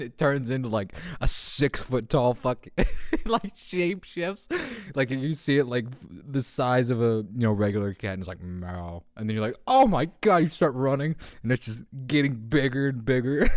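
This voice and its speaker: A young man hosting a casual podcast, excitable and laughing often, swearing and doing deep meows as he reacts to memes. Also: moderate pace, dry recording, clean studio sound. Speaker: podcast host. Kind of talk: casual meme commentary. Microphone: handheld podcast mic.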